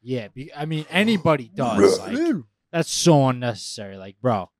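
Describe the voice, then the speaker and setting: A man's voice: medium pitch, lively intonation, moderate pace. A man co-hosting a casual podcast, teasing and trading crude banter. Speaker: podcast co-host. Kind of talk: casual chat.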